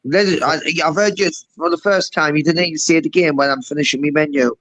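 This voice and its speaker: Boastful male panelist, talks over people, slightly high pitch, dry sound. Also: quick pace, few pauses, a bit bright, no echo, rough recording. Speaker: panel guest. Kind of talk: casual live panel chat.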